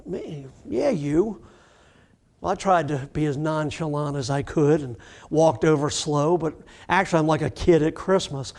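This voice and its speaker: Middle-aged guy telling a recovery story, kinda high voice, acts out the talking bits, jokes at himself. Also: moderate pace. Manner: animated storyteller who acts out dialogue; self-mocking, humorous. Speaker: addiction recovery doctor giving a talk. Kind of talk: personal storytelling in a recovery webcast.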